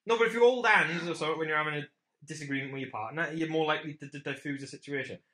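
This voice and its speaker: A man's voice: a little high, racing, bright, forceful tone. A young man co-hosting a casual podcast from home, chatting in sweary, joking banter. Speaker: podcast co-host. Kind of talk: casual chat.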